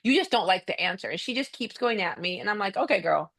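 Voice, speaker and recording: A woman, a mediator and former coach, talking in a direct, animated way as a podcast guest. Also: mid-range voice, quick pace. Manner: direct, animated storytelling with acted quotes. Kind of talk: casual conversation.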